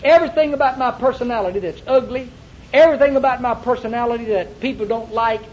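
High-voiced emphatic preacher man. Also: fast talker, muffled recording, slight background noise. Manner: emphatic, repetitive preaching with rhetorical questions. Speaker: pastor. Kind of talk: sermon. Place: church before a congregation.

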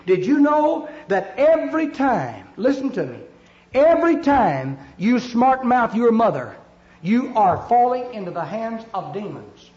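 Male preacher, very high voice, emphatic repetitive cadence, roomy dull lo-fi sound. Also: sing-song, a little slow, a little mellow. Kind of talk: fiery revival sermon. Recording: echoey lo-fi church recording.

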